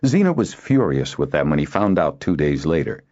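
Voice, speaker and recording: A man narrating an audiobook in an expressive, varied delivery. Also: extremely low pitch, normal speed. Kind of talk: scripted narration. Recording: dull lo-fi recording.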